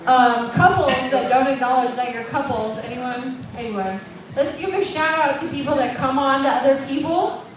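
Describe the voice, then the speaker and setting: A woman's voice: sits high, normal speed, background noise. A woman doing stand-up at an open mic, chatty and self-mocking, quizzing the audience. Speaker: stand-up comic. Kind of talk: stand-up with crowd work. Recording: echoey club from far off, with a loud crowd.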